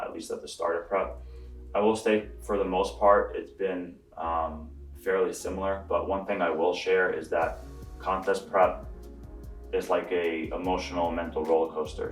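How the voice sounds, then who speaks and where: A man's voice: low-pitched, recorded from a distance. A young man giving a casual bodybuilding vlog update, explaining at ease with lots of fillers. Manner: relaxed, explanatory, with frequent fillers. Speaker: bodybuilder answering viewer questions. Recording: echoey room, voice from off the mic, faint music.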